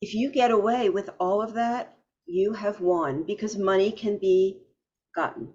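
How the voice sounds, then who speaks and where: A woman hosting an interview, speaking in a steady, affirming, reflective way. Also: medium pitch, a little slow, lo-fi sound. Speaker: podcast host. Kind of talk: conversational interview.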